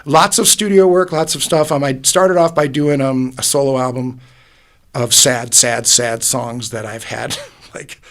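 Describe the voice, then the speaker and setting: A musician, appearing as a guest in a podcast booth, tells his story in a casual interview, earnest and rambling, often restarting his sentences. His mid-range voice is fairly bright and steady in tone, at a measured pace.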